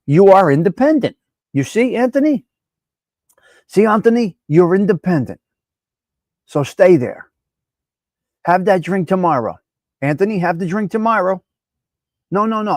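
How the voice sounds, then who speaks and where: Animated preachy man, dry close mic. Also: on the high side, moderate pace, long pauses, no room sound. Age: middle-aged. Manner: animated, preachy, talks straight to viewers. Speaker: live stream host. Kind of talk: casual chat reading viewer comments.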